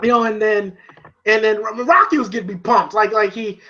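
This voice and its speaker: Excitable male reviewer, bright edgy voice, curses freely, dull lo-fi sound. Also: sits high, normal speed. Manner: excitable, profane, heavy on fillers. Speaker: film reviewer. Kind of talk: casual film review vlog.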